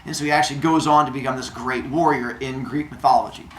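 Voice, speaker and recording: A man's voice: medium pitch, steady tone, fast, fairly bright tone, a little hiss or hum. A male teacher telling a myth to his class in a casual, jokey way, full of modern slang. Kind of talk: storytelling lesson to a class. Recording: echoey classroom.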